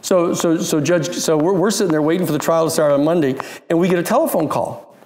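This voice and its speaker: A man lecturing a class, telling an animated story and quoting the people in it. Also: fairly high pitch, quick pace. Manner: animated, quotes people in the story and laughs along. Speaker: lecturer recounting a legal case.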